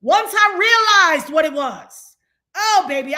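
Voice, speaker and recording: A woman from Trinidad, a guest on a live stream, telling a story in a dramatic, animated way over a call mic. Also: very high-pitched, slow pace. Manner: dramatic, animated retelling with acted-out quotes. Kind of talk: casual storytelling.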